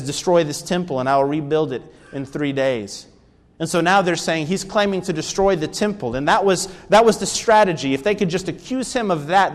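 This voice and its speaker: A man's voice: high-pitched, big-room sound. A man preaching a sermon lesson, earnestly explaining scripture and asking rhetorical questions. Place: church.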